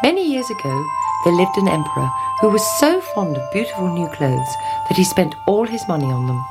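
A woman reading a fairy tale aloud in a lively storytelling manner. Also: fairly low pitch, fairly quick. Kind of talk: scripted storybook narration. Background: music.

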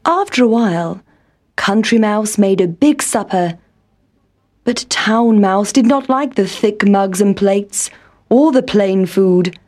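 A woman's voice: medium pitch, expressive, slow, a little mellow. A woman narrating a children's storybook, reading aloud with expression.

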